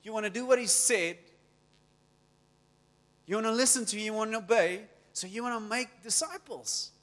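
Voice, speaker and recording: Pastor, high-pitched, lively sermon, long hall reverb. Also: male voice, normal speed.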